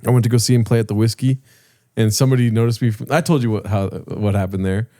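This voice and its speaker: A man's voice: fairly low pitch, fast talker, warm tone, no echo, studio quality. A young man co-hosting a podcast, telling casual stories and laughing often. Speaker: podcast co-host. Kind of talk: casual comedic chat.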